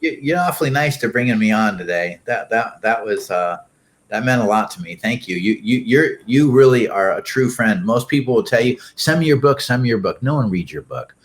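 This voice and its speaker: An older man speaks in a lowish voice, talking in a loose, rambling way. He keeps restarting his sentences and leaning on fillers as he chats with a host. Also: lively intonation, moderate pace. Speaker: guest. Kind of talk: casual interview talk.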